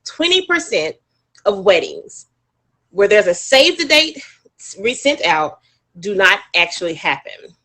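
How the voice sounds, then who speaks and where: Chatty woman host, bubbly and animated, talking to her live-stream viewers. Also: mid-range voice, a little slow, long pauses. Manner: bubbly, chatty, laughs often. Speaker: wedding planner hosting a live stream.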